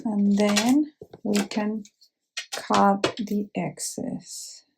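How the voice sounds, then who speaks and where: A woman hosting a craft tutorial, explaining each step slowly and carefully with small fillers, an English speaker. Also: medium pitch, little pitch movement, gravelly, noisy background.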